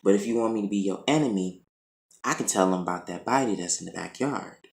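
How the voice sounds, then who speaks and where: A man's voice: low voice, fast talker, creaky, pitched below the performer's own voice. A man acting out a cornered young man who snaps back with blunt threats. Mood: threatening. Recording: roomy echo.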